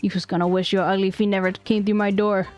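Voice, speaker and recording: A woman voicing a hot-tempered male mobster loan shark with gruff tough-guy slang while reading game dialogue aloud. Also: medium pitch, little pitch movement, quick pace, a little mellow, faint music behind, natural voice. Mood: menacing.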